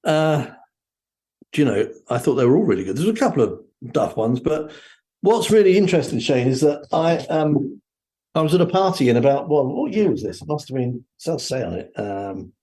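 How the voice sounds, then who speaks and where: Man, interview guest, rambling storyteller, lively pitch. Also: brisk. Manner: chatty storyteller, rambling with fillers. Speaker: guest musician. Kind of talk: casual interview chat.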